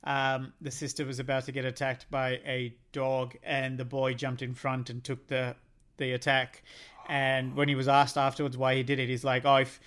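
A man's voice: medium pitch, completely flat delivery, normal speed, a bit bright, clear, resonant tone. A man hosting a casual podcast chat, teasing his guest and swearing freely.

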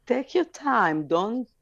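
A woman's voice: a little high, sing-song, extremely slow, muffled recording. A woman on a talk show giving frank sex advice, laughing easily between points. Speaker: sex educator guest.

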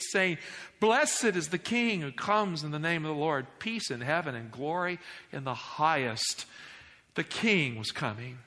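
A male pastor delivering an emphatic sermon in a church, swinging between loud declarations and hushed asides. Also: fairly high pitch, long reverb tail. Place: church sanctuary.

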